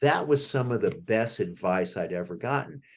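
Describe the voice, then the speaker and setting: A man's voice: fairly low pitch, expressive, normal speed, vocal fry, husky. An American man as the author guest in an interview, telling rambling anecdotes with many restarts. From United States. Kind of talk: conversational interview.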